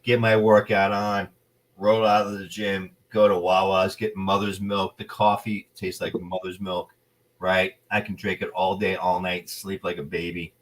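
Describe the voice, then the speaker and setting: A man's voice: low-pitched, unhurried, recorded from a distance. A man with a New Jersey accent, an actor telling blunt, playful stories in a casual interview. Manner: animated storyteller, playful and blunt. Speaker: actor guest.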